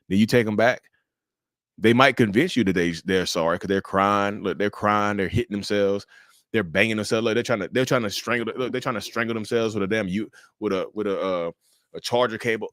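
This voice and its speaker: A man hosting a casual livestream, animated and joking, often stumbling and restarting as he answers viewers' questions. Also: on the low side, a little fast, no echo, studio quality. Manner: addresses viewers as y'all, answers chat questions. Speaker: livestream host.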